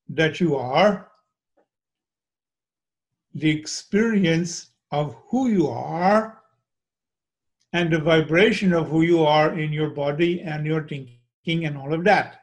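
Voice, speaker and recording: A man in a channeling trance, voicing a gentle, wise spirit who speaks as a small Indian man with an Indian accent and a slow, measured, preaching manner. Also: a little high. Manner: slow, measured, sermon-like, repeats "you see".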